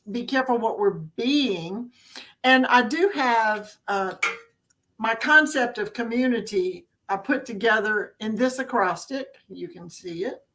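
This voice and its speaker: Folksy older Southern American woman. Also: on the high side. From Southern United States. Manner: folksy and expressive. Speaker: guest, author and speaker. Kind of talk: casual podcast chat.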